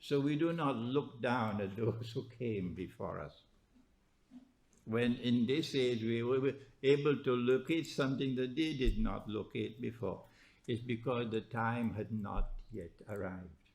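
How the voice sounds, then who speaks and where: A man giving a religious lecture, prodding his listeners with rhetorical questions and a teasing "huh?", delivered in an animated, emphatic way. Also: mid-range voice, a little slow. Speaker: Islamic scholar lecturing.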